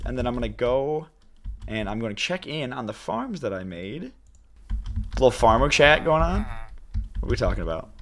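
Young guy rambling excitedly while he plays a game, desk mic, typing in the background. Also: medium pitch. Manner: chatty, excitable, talks to viewers as "you guys". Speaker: gaming YouTuber. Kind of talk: casual let's-play commentary.

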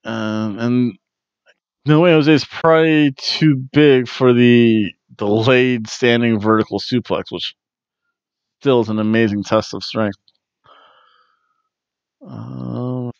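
A man's voice: medium pitch, steady tone, slow, creaky, long pauses, clear, resonant tone, no room sound, muffled recording. A man hosting a wrestling review podcast, talking casually and jokily, with plenty of fillers and restarts. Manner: rambling and jokey, with many fillers and restarts.

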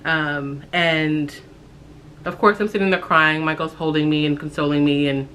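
Bright-voiced young woman telling a story. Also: low-pitched, fairly even intonation, slight background noise. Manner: halting, reflective, with many fillers and restarts. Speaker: vlogger telling her pregnancy story. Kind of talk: casual storytime chat.

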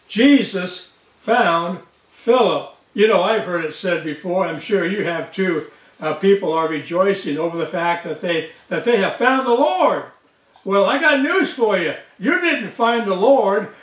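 A man's voice: sits high, echoey room, recorded from a distance. A man preaching a sermon to his congregation, emphatic and repeating key lines, often calling them folks. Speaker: pastor. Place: church sanctuary.

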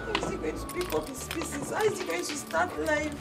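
A woman's voice: extremely high pitch, fairly quick, creaky, over loud music. An actress with a Nigerian accent playing a young woman in a film drama who wails and pleads with her father. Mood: lamenting. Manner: wailing, pleading. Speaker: grieving daughter. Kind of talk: Nollywood film acting.

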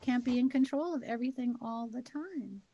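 Higher-pitched woman telling stories emphatically. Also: normal speed, mellow, lo-fi sound. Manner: storytelling, emphatic, repeats key words. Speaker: co-host. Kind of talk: casual heart-to-heart chat.

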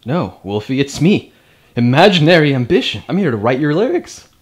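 A man playing himself as a guest lyricist in a comedy sketch, dry and low-key, mumbling. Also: sing-song, moderate pace, breathy edge.

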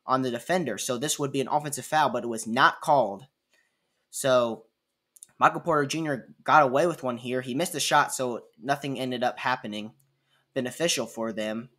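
A man's voice: medium pitch, normal speed, fairly bright tone. A man casually commentating over basketball game clips, chatty and repeating himself as he walks through replays. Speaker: sports commentator.

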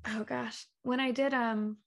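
Chatty woman telling a story, high voice. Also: unhurried, vocal fry. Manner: animated storyteller, acts out quoted dialogue, laughs often. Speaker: guest, talk show creator. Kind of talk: casual interview chat.

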